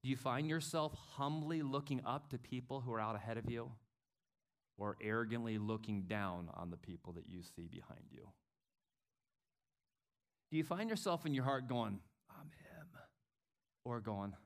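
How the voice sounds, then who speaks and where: A middle-aged man preaching a sermon as pastor, acting out quotes with big swings in loudness. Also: mid-range voice.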